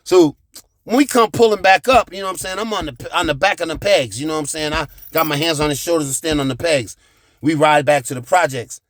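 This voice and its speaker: A man telling a profane childhood story, animated, with sound effects and shouted reenactments. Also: on the high side, brisk, no room sound, clean studio sound. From United States.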